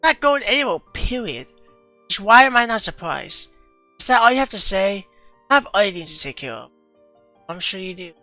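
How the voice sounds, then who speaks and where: Woman reading game dialogue, bright tone, lively and exasperated delivery, dry lo-fi recording. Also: mid-range voice, no room sound, soft background music. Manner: lively, expressive, quick to exasperation. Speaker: player reading a visual novel aloud. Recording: dull lo-fi recording.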